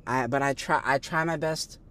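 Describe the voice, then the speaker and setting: A man's voice: medium pitch, fairly even intonation, normal speed, a bit bright. A man co-hosting a podcast in casual chat, joking and self-deprecating. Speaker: podcast co-host.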